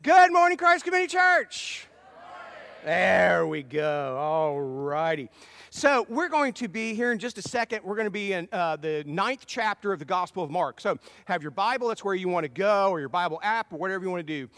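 High-voiced man preaching, long hall echo. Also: lively intonation, quick pace, few pauses, a bit bright. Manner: conversational, folksy storytelling with repeated restarts. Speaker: pastor. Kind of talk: sermon.

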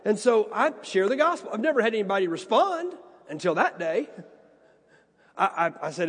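A man's voice: high-pitched, big pitch swings, normal speed, fairly bright tone, slightly rough, in a large hall. A man preaching a sermon and telling personal stories, earnest and prone to repeating words. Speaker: pastor.

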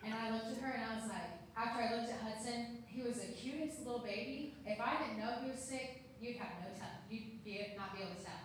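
Young woman giving a lively church testimony, heard from across an echoing hall. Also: a little high, brisk, hardly any pauses, slight background noise. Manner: animated, acts out quoted voices. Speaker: church member sharing a testimony. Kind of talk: storytelling testimony to a congregation. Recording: echoey hall from far off.

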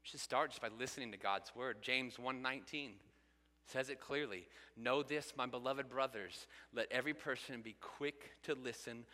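Earnest pastor preaching in a reverberant hall. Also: male voice, medium pitch, moderate pace, sharp tone. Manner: earnest, builds to emphatic peaks. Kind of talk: sermon.

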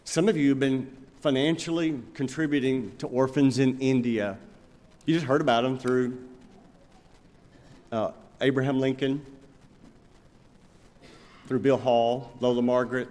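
A man's voice: mid-range voice, fairly even intonation, a little mellow. Preaching man in a ringing hall. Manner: storytelling, emphatic, with slow pointed phrases. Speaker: pastor. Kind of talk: sermon. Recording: long reverb of a large hall.

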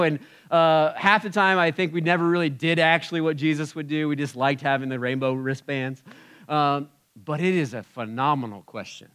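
A man preaching a sermon in a conversational way, swinging between loud emphatic bursts and quiet asides. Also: a little high, a little fast, clean tone. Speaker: pastor.

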